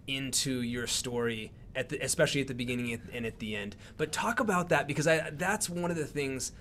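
Male co-host, halting delivery, faint noise behind. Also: medium pitch, a bit bright. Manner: halting, restarts sentences. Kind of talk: casual chat.

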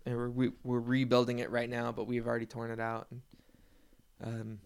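Casual male vlogger, mid-range pitch, smooth tone, rambling and profane. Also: monotone, moderate pace. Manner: rambling, profane, self-deprecating storytelling with laughs.

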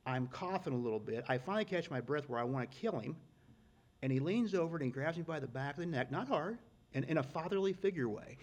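A middle-aged man telling stories in a casual, folksy way, getting loud and excited at the punchlines. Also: on the high side, fast talker. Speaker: guest storyteller. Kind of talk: casual storytelling.

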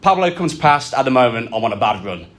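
A man, co-hosting a live podcast and telling stories with lively delivery in a function suite. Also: mid-range voice, fast talker. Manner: lively storyteller, acts out quotes. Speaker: podcast co-host.

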